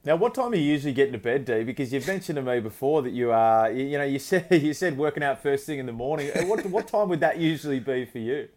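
A man fires off friendly follow-up questions at a quick clip. His pitch stays at an ordinary middle level. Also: animated, darkish tone. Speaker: podcast co-host. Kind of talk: casual chat.

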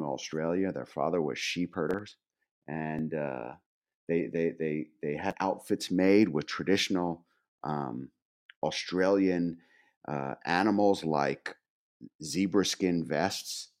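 A man in his fifties telling a long anecdote as a podcast guest, animated, with frequent restarts and laughs. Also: rumbling low. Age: 50s. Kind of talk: casual storytelling.

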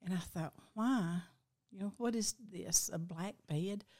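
An older woman tells a personal dream in a slow, reflective way, her voice sometimes breaking with emotion. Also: on the low side, darkish tone. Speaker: guest recounting a dream.

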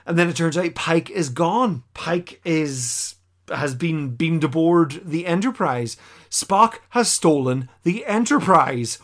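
A man casually recapping a TV episode on a podcast, animated and quick to act out the characters' lines. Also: fairly high pitch. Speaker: podcast co-host.

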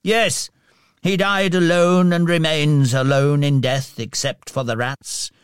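A man voicing a grim, gossiping townsman who speaks in a flat, matter-of-fact way. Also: on the high side, takes it slowly, clean tone, no echo, clean studio sound.

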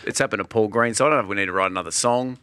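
A man hosting a podcast in casual chat, upbeat and quick to laugh. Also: on the low side, bright, forceful tone, smooth, no room sound. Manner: laughs often, upbeat, fillers. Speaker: podcast host.

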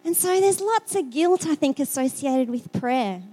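A woman's voice: sits high, expressive, a little slow, warm tone. A middle-aged Australian woman from South Australia giving a sermon in a conversational, storytelling way, often repeating words as she talks. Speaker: preacher.

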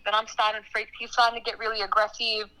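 A young woman telling a story in casual chat, dramatic and animated, acting out what people said. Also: on the high side, quick pace, noisy background. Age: young adult. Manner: animated, dramatic storytelling with laughter and acted-out quotes.

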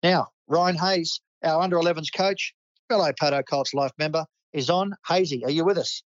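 A man's voice: a little high, moderate pace, no room sound, highs cut off. An Australian man hosting a local sports club roundup, enthusiastic and matey. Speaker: club host.

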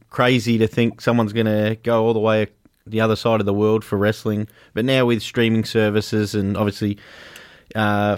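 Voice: mid-range voice, no room sound. Podcast co-host, rambling questions, lots of fillers, dry close audio. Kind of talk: interview questions.

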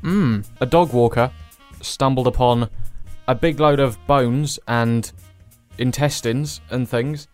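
A man's voice: mid-range voice, takes it slowly, soft background music. A man in casual, jokey banter with a friend on a day out. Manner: jokey, mimics teachers in shouts. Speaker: co-host.

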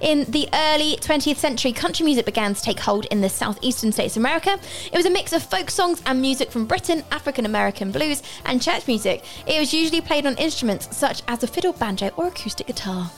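A woman's voice: high-pitched, expressive, fast talker, few pauses. A woman hosting a radio show from a studio, chatting playfully and giggling between topics. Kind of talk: casual radio chat. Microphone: studio mic with headphones.

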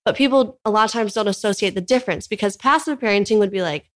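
A young woman from California talks quickly and earnestly as a guest on a casual podcast. Her long, flowing sentences keep going, threaded with "like" as she explains her ideas. Her pitch sits in an ordinary middle range. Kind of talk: casual interview conversation.

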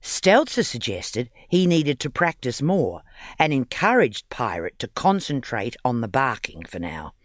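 A man narrating a children's audiobook story in an expressive, playful reading. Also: mid-range voice, a little slow, dry recording, studio quality.

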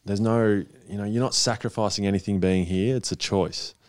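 Man, Australian accent, low pitch, casual storytelling, chuckling, dry recording. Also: fairly even intonation, normal speed, smooth, dry recording. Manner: storytelling, chuckling, mimics others. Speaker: guest footballer. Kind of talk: casual chat.

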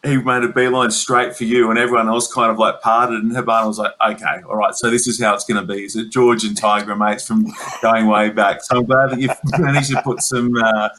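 A man's voice: mid-range voice, little pitch movement, fairly quick, hardly any pauses, a bit bright, poor audio. A man hosting a casual sports interview, chatty, who laughs along and asks easygoing questions. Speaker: interview host.

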